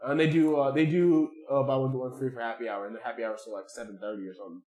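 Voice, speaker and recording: A man's voice: mid-range voice, steady tone, rapid-fire, a little mellow. A man telling a bar story in casual podcast chat, swearing and mimicking his coworkers. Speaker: podcast co-host. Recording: echoey room.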